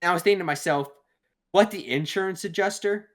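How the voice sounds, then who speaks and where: A young man chats on a casual podcast, spinning a long anecdote and cursing as he goes. His voice sits a little higher than most men's. He laughs at his own stories. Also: brisk. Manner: rambling storyteller, swears freely, laughs at own stories. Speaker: podcast co-host. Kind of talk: casual chat.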